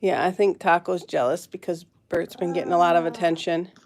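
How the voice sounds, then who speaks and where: A woman's voice: lowish voice, fairly even intonation, brisk, darkish tone. A woman hosting a casual live stream from home, rambling through a story, laughing often and greeting her viewers. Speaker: host of a pet channel live stream.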